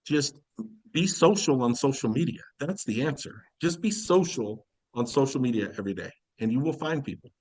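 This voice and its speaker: A man's voice: medium pitch, animated, moderate pace, a little mellow, no room sound, poor audio. A man giving a casual sales coaching talk on a video call, acting out quoted conversations and laughing often. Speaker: insurance sales leader. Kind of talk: casual recruiting training talk.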